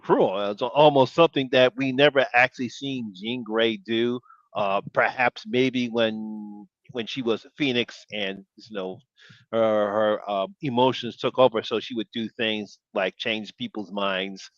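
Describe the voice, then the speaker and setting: A male host talks through a casual live stream in a calm, measured way, leaning on "uh" fillers as he thinks. His voice comes through dull and lo-fi, with a very dry sound and no room around it. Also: on the low side, no echo. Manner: calm, measured, with frequent "uh" fillers and agreeing murmurs. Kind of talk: casual chat. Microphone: video call.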